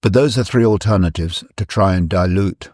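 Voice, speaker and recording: A man giving a reflective talk, measured and explanatory, repeating key phrases for emphasis. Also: sits low, a little mellow, no echo, studio quality. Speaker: speaker presenting his ideas.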